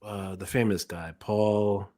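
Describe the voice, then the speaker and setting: Man, podcast co-host, fairly low voice, blunt and profane, casual chat. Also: little pitch movement, slow pace, warm tone. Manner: blunt, profane, reads viewer comments aloud.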